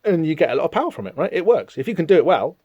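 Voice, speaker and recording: A man's voice: on the high side, big pitch swings, very fast, dark tone, breathy edge, dry recording. A man hosts a laid-back podcast about comic books. His talk wanders and is full of "um" and "like", and it runs on eager enthusiasm. The recording is dry and a little dull, with no room sound. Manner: rambling, filler-heavy, enthusiastic. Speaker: podcast host. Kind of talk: casual comic-book discussion podcast.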